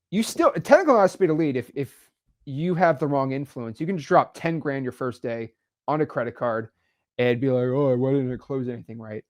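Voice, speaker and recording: A young man hosting a casual podcast chat, energetic and emphatic, full of slang. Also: a little high. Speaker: podcast host, real estate investor.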